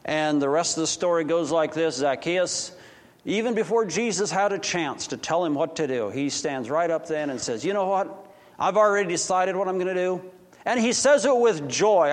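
A man preaching a sermon, telling a story and acting out dialogue with quick voice shifts. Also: fairly high pitch, animated, big-room sound. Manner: acts out dialogue with quick voice shifts, restarts often.

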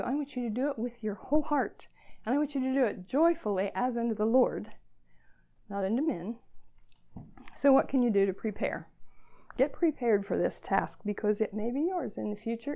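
A woman's voice: fairly high pitch, warm tone. A woman in her fifties giving an earnest, encouraging devotional talk to young women. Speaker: speaker at a girls' gathering.

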